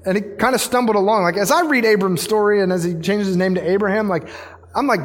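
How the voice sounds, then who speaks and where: A man's voice: high-pitched, fast, breathy edge. Give me a casual, slangy male pastor preaching in a large room with long reverb. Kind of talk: sermon.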